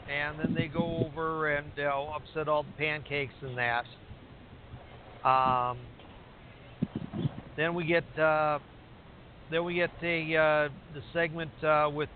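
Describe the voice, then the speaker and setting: A man in casual chat, rambling and restarting his sentences as he recaps matches. His voice sits a little high for a man. It comes through a tinny phone line with a faint hiss behind it. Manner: rambling, many restarts and fillers. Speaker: podcast co-host recapping wrestling.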